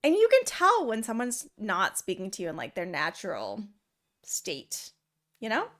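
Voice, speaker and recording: A young woman streamer chatting casually over gameplay, with a high, girly, valley-girl way of talking and a lot of giggling. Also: wildly swooping pitch, moderate pace, fairly bright tone.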